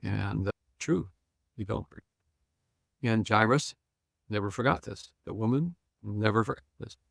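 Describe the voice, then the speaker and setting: An older man with a low, gravelly voice retells scenes as a guest scholar and pastor. He slips into the characters' lines and chuckles as he talks. The sound is close and dry. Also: normal speed, fairly bright tone, no echo. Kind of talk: animated storytelling on a podcast.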